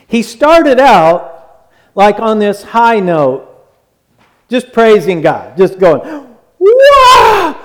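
Man, pastor, sermon, high voice, unhurried delivery, loud exclaiming to hushed words. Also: lively intonation. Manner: swings from loud exclaiming to hushed, slow speech.

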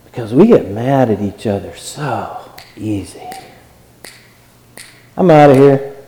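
A man's voice: mid-range voice, animated, takes it slowly, warm tone. A man preaching a sermon, earnest and exhortative, and often repeating his phrases. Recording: long hall reverb.

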